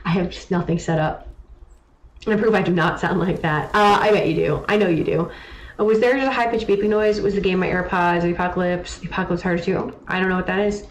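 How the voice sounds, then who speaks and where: A woman's voice: lowish voice, quick pace. A young adult woman streaming a game live, chatting casually and teasingly answering her chat. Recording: echoey room with faint noise.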